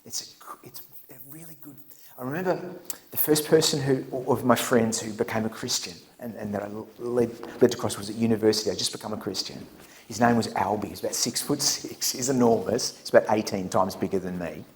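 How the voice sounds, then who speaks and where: A middle-aged man preaching at a church camp, telling a story with lively swings between loud punchlines and hushed asides. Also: fairly low pitch, brisk. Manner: animated storyteller, laughs at his own jokes, drops to whispers. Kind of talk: storytelling sermon. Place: church camp meeting hall.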